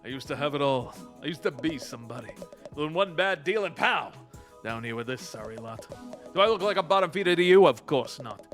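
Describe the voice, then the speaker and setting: Game NPC: bitter ex-rich crab, man voicing, boastful and low, music under. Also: lively intonation, fairly quick. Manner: resentful, boastful. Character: bitter fallen male crab, once wealthy, scheming.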